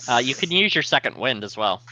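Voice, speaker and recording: A player in a tabletop game making slow, plain remarks. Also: mid-range voice, big pitch swings, bright, forceful tone, muffled recording. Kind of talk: casual tabletop play.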